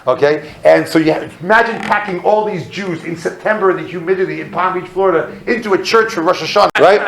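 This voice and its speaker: A man speaking as a rabbi, telling a comic story in an animated, self-mocking way and jumping into loud re-enactments. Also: high-pitched, quick pace, creaky, reverberant, rough recording.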